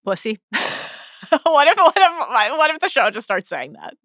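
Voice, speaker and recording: A woman co-hosting a podcast in casual chat, eager, agreeing readily and quick to laugh. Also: sits high, sing-song, fairly bright tone, dry recording, studio quality. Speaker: podcast co-host.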